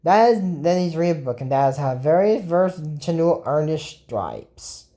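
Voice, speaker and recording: Low-voiced woman rambling through a cartoon recap. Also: sing-song, normal speed, mellow. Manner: rambling, chatty, quotes the characters as she retells. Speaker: video commentator. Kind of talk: casual episode recap.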